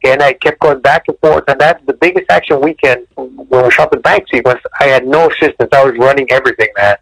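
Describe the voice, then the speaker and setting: Man, interview guest, gravelly voice, dry close sound, lively storytelling, repeats himself. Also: fairly quick, no echo, poor audio. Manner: animated storyteller, acts out quotes with sudden high bursts; frequent repeats and restarts, clears throat. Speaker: martial arts director and choreographer, guest.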